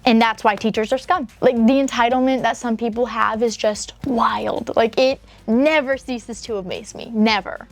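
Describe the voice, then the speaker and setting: A high-pitched young woman with an emphatic, sarcastic way of talking, reading a submitted story aloud and commenting on it. Soft music plays behind her voice. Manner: emphatic and sarcastic, with drawn-out pauses.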